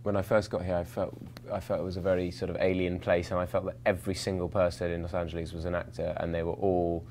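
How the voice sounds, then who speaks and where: A man's voice: sits low, level tone, fast, hardly any pauses, darkish tone, slight background noise. A young man from London, an actor answering interview questions in a rambling, self-mocking way, full of fillers and restarts. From England, London.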